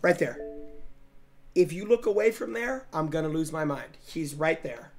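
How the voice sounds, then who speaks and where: A young man streaming and reacting to game clips, brash and profane, often breaking into shouting. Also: on the high side, expressive, moderate pace, faint music behind. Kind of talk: loud casual stream commentary.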